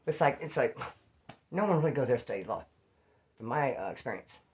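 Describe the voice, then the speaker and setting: With a medium-pitched voice, lively intonation and a fairly quick pace, an ex-inmate spins casual stories. His talk is slangy and profane, and he voices the lines of the people in them.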